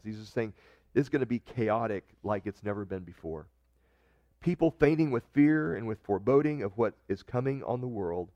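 A man's voice: on the low side, a little mellow, no echo, muffled recording. A man preaching a sermon in a conversational way, reading scripture and often restarting his sentences. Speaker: pastor.

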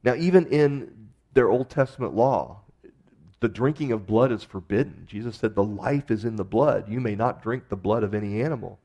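A man's voice: lowish voice, normal speed, dark tone. A man preaching a sermon in a conversational way, with emphatic rises on key phrases. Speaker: pastor.

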